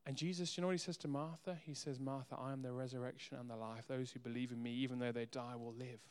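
A man preaching a sermon as pastor, earnest, moving between soft quiet asides and emphatic raised lines. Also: mid-range voice, steady tone, fast, clear, resonant tone. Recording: long hall reverb.

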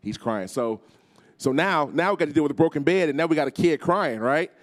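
A man's voice: on the high side, fairly quick. A man preaching a storytelling sermon as guest speaker, acting out voices and calling on the congregation to respond. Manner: animated, acts out voices, calls on the crowd.

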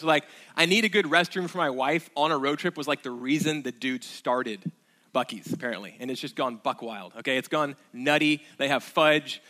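A male pastor preaching in a conversational style. His voice is bright and forceful and sits a little high for a man. He drives his points home by repeating phrases. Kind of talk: sermon.

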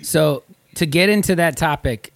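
A man's voice: on the high side, normal speed, creaky, dry recording. A man hosting a casual group talk, playful and laughing often. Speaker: podcast host.

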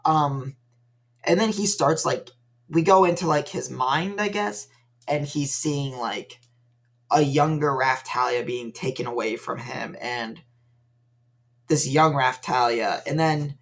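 A man's voice: mid-range voice, slow, gravelly, fairly bright tone. Wry young man recapping casually. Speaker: podcast co-host. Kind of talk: casual chat.

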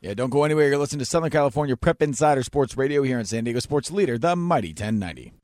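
A man co-hosting a sports radio show in a studio, eager and quick with frequent restarts. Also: mid-range voice, animated, darkish tone, no room sound. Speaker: radio co-host.

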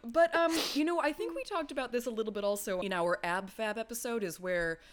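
A woman's voice: fairly high pitch, brisk. Woman cohost, giggly, pokes fun at herself, casual podcast chat. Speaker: podcast co-host.

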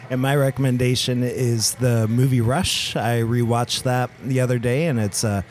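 A man's voice: mid-range voice, steady tone, normal speed, darkish tone, a little hiss or hum. A man co-hosting a podcast in a diner, giving a recommendation plainly and matter-of-factly. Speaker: podcast co-host. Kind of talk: casual chat.

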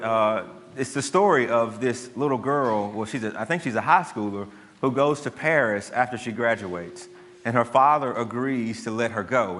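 A man's voice: mid-range voice, fairly bright tone. A man preaching a sermon, telling stories in a loose, conversational way with frequent restarts. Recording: long hall reverb.

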